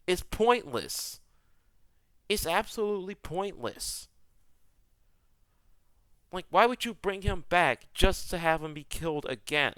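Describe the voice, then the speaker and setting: A fairly high-voiced young man rants in exasperation, his pitch leaping all over. His tone is bright and crisp, and the sound is close and dry with no room around it. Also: animated, takes it slowly, long pauses, no room sound. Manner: exasperated, repeats himself, rhetorical questions. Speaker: YouTuber. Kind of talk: ranting commentary.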